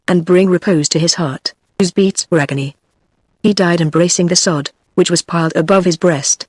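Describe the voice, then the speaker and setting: A woman's voice: lowish voice, no room sound. British-accented synthetic woman narrator. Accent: British English. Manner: even synthetic text-to-speech reading. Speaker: audiobook narrator. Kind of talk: scripted narration. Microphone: synthetic, no room.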